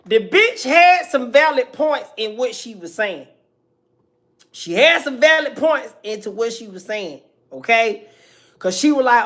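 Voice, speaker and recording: A woman's voice: fairly high pitch, expressive, unhurried, fairly bright tone. A woman giving casual reaction commentary, blunt and profane, ranting at length.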